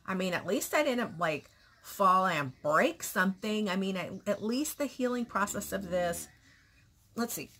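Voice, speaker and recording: A woman records a casual vlog at a slow, unhurried pace, her mid-range voice halting and restarting as she speaks candidly about her worries. She sometimes sinks to a soft whisper, and a faint background hiss runs under the recording. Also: mid-range voice, lively intonation. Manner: halting, with many restarts and pauses. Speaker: vlogger.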